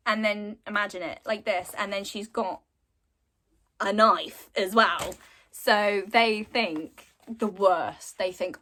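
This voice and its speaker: Young woman just chatting thru a story recap, slow and easygoing, lots of likes and sos. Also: fairly high pitch, fairly bright tone. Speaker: content creator.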